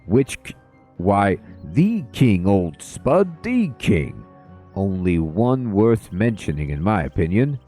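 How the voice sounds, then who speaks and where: Guy doing a posh old-chap dwarf, plummy and fussy, kinda low and dark. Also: very animated, slow pace, faint music behind, heavily acted. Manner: plummy upper-class British slang. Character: posh bearded male dwarf gentleman, fussy.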